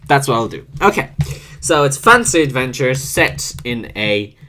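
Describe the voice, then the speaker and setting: Slow, musing man with lively pitch. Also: a little hiss or hum. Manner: musing, halting, self-correcting. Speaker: video creator. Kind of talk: thinking aloud while rolling up characters.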